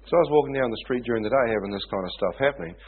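A man from New preaching, telling stories in an animated way and often asking his listeners if they follow. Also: medium pitch, very fast, slightly rough. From New Zealand. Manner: animated storytelling, often asks "you know what I mean?". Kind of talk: sermon storytelling. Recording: tinny phone-like sound.

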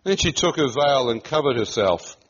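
Man, middle-aged preacher, lively storytelling, muffled lo-fi recording. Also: mid-range voice, normal speed, husky. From New Zealand. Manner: animated, laughs often, acts out quoted voices. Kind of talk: sermon storytelling. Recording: muffled lo-fi sound.

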